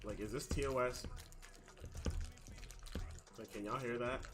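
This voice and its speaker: A man streaming video games, talking loudly and swearing a lot as he plays. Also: medium pitch, measured pace, music in the background. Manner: loud, swearing, excitable. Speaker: gaming streamer. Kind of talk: casual gaming stream chat.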